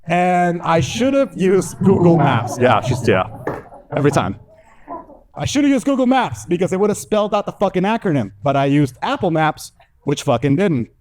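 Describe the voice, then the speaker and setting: Animated Southern man doing stand-up. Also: sits high, moderate pace, a little hiss or hum. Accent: Southern American. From American South. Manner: animated, lively storytelling with acted-out voices. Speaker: stand-up comedian. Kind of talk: stand-up comedy set. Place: comedy venue before a live audience.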